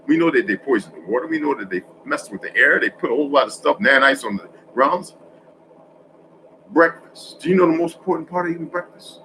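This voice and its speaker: A man vlogging in a casual, rambling monologue, correcting himself often and swinging between loud stretches and hushed asides. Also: a little high, expressive, fast talker, hardly any pauses, a little hiss or hum, low-quality recording.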